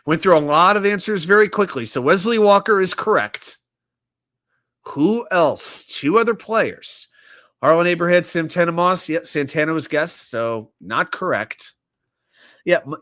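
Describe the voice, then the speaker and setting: Man, sports talk host, bright voice, animated, reading chat aloud, joking. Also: high-pitched, normal speed. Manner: animated, reads viewer chat aloud and jokes. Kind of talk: casual live-stream chat running trivia.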